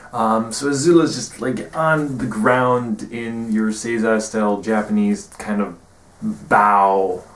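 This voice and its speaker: A man recapping his tabletop game session as game master, rambling with many pauses and fillers. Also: on the low side. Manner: rambling, many ums, quotes players in brief character bits. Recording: echoey room, far from mic.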